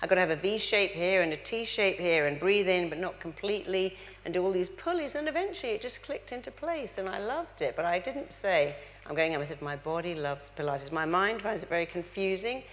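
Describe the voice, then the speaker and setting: A woman's voice: fairly low pitch, a little fast, hardly any pauses. Woman speaking in an echoing hall. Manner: animated, acts out quoted dialogue. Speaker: therapist giving a talk to an audience. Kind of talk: motivational talk to a live audience. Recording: long hall reverb.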